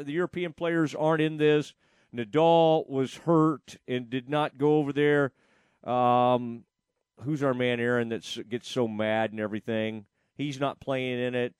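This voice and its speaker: Rambling sports talk host, dry sound. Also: male voice, mid-range voice, smooth, no room sound. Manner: rambling, with frequent fillers and restarts.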